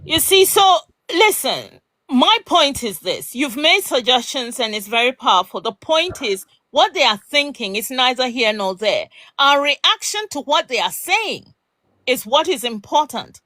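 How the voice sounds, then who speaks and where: A woman from Ghana, arguing emphatically in a live discussion and asking forceful rhetorical questions. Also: high voice, very animated, unhurried, no echo. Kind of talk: impassioned debate.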